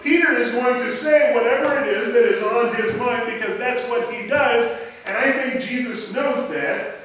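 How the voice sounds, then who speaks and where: A man's voice: very high-pitched, fairly bright tone, a little hiss or hum. A male pastor preaching a sermon in a conversational way, retelling scripture as a story in plain everyday words. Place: church sanctuary. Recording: echoey church hall from a distant mic.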